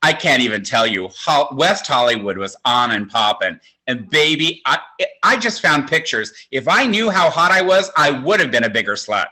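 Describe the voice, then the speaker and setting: A man in his sixties performs stand-up for a virtual show from home, his delivery campy, chatty and self-mocking. His mid-range voice is sing-song, bright and forceful at a moderate pace.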